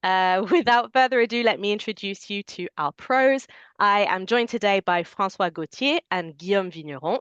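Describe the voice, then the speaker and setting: A woman hosting a webinar, giving clear, organized announcements over a video call. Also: mid-range voice, moderate pace, a bit bright, no room sound, lo-fi sound. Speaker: webinar host.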